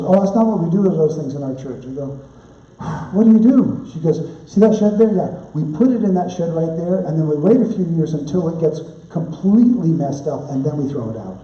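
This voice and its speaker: Man, pastor, conference teaching, mellow dark voice, distant roomy dull sound. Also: on the high side. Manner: animated storytelling with asides.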